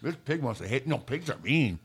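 A man's voice: medium pitch, very animated, fairly quick, creaky, slight background noise. Wisecracking man in podcast banter. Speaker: podcast co-host. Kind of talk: casual chat.

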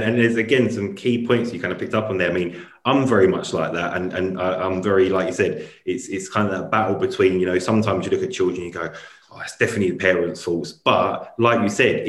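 A man with a very low voice hosts a casual podcast. He builds thoughtfully on his guest's points. His voice carries a noticeable echo from the room. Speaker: podcast host. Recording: roomy echo.

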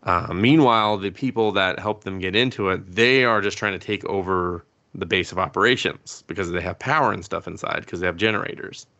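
A man with a fairly low voice talks through a plot recap on a podcast, rambling loosely with plenty of "like" and "um" and the odd swear word. The audio is dull and lo-fi, as if on a modest home podcast setup. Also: a little fast, few pauses, bright, forceful tone. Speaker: podcast co-host. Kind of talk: casual chat recapping anime.

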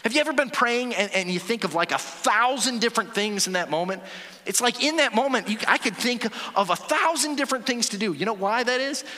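A man's voice: very high voice, animated, a little fast, sharp tone. A male pastor in his forties preaching a sermon in a conversational way, often repeating and restarting words and asking the audience questions. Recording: long hall reverb.

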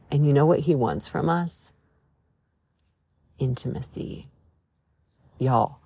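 A woman's voice: a bass voice, creaky, dark tone, slightly rough. A woman hosting a devotional podcast, talking to listeners in an earnest, emphatic, conversational way. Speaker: podcast host.

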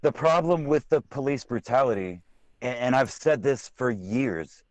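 A man's voice: mid-range voice, unhurried, dry recording. A man co-hosting a casual political podcast, blunt and profane, often restarting his sentences. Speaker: podcast co-host.

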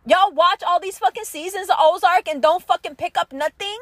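A woman with a strikingly high voice rants bluntly and confrontationally, swearing constantly as she lectures her listeners. The sound is dry and close, with no room echo. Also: fairly quick. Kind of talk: profane political rant.

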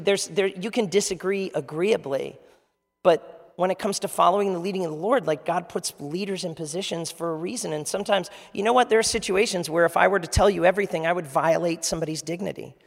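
A man's voice: high voice, quick pace, creaky. A man preaching a conversational sermon as pastor, asking the audience questions. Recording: long reverb of a large hall.

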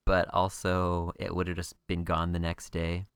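A man's voice: low-pitched, completely flat delivery, normal speed, clear, resonant tone, dry recording, studio quality. A man co-hosting a podcast, chatting wryly and casually about a TV episode. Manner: chatty and wry. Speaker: podcast co-host. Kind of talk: casual TV recap chat.

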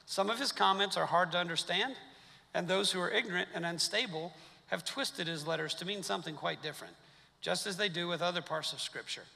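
A man's voice: sits high, brisk, creaky, sharp tone, long reverb tail. A male pastor preaching a sermon in a church, talking conversationally with wry asides to his congregation. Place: church sanctuary.

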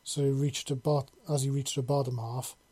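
A man narrating a storybook chapter in a calm, unhurried, even way. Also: mid-range voice, slightly rough. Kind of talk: storybook reading.

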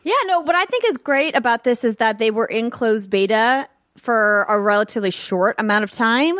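A woman co-hosting a gaming news show, chatting casually and reading news items with quick asides. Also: mid-range voice, no echo, studio quality. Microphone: headphones and studio mic.

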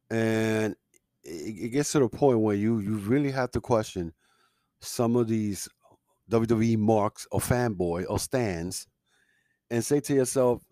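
A man with a fairly low voice gives a heated, opinionated rant as a podcast host, full of ums, uhs and restarts. The sound is dry and close, with no room echo. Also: a little slow, warm tone. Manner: heated, opinionated ranting with frequent fillers. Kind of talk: casual podcast commentary.

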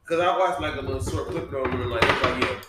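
A man co-hosting a casual podcast chat, excitable and profane, swinging between loud outbursts and mumbling. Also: medium pitch, quick pace, heavy background noise. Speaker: podcast co-host. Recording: very echoey room with chatter behind.

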